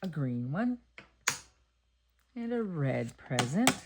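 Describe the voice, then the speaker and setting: A woman's voice: low voice, very animated, slow pace, heavy background noise. A middle-aged woman from Texas chatting casually and thinking aloud while she makes greeting cards. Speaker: card-making crafter. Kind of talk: casual crafting chat.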